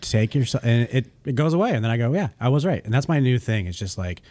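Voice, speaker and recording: A man's voice: mid-range voice, very animated, quick pace, warm tone, no echo. A young man in casual chat, candid and rambling, swearing freely.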